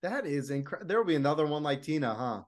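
A man hosting an interview, asking eager questions with some halting and fillers. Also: a little high, expressive. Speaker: interviewer, host.

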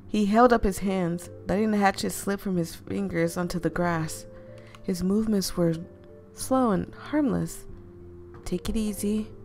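A woman reads a story game aloud for her viewers, animated and expressive, jumping between dramatic narration and blunt, swearing asides. Her pitch sits mid-range for a woman. Soft game music plays faintly behind her. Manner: swears freely and talks straight to viewers. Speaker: gaming video creator.

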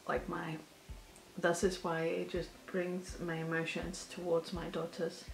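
Woman, tearful reaction vlogger, gravelly low voice, roomy echo. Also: monotone, unhurried. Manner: gushing, repeats praise, laughs through tears. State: tearful, crying. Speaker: reaction video host. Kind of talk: emotional reaction commentary.

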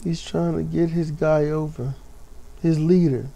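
A man's voice: fairly high pitch, fairly even intonation, measured pace, vocal fry, warm tone. A man co-hosting a casual wrestling chat, laid-back and easygoing. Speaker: podcast co-host.

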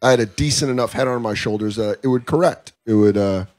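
A man in his thirties, a comedian, chatting casually and telling stories with lots of swearing and quick impressions. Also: medium pitch. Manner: profane, animated storytelling with quick impressions. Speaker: comedian guest. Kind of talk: casual interview chat. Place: comedy club stage, live.

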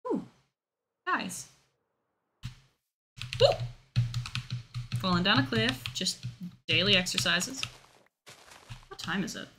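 A woman streaming a game live, chatting casually, reading out chat and thanking followers. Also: medium pitch. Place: home.

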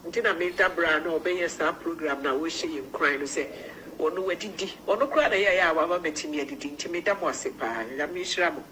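A woman's voice: deep voice, brisk, a bit bright, slight background noise, low-quality recording. A woman calling in to a talk show, earnest and pleading, repeating phrases as she speaks. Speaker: caller. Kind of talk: emotional phone-in call.

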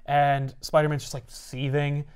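A man's voice: on the high side, smooth. A man co-hosting a casual comics chat, recapping a story and acting out the characters' lines. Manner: animated, acts out characters' lines in quick voices. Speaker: comics podcast co-host.

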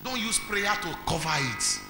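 A man with a Nigerian accent preaching a sermon as pastor, quizzing the congregation and building to shouts. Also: high-pitched, sing-song, normal speed. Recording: echoey hall with faint music.

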